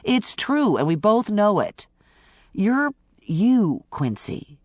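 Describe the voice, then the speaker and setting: A tough, weary woman cop, read by an audiobook narrator, sounds blunt and wry. She speaks slowly, and her pitch swings widely. The recording is close and dry. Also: big pitch swings, no room sound. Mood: stubborn. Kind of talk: audiobook character voice.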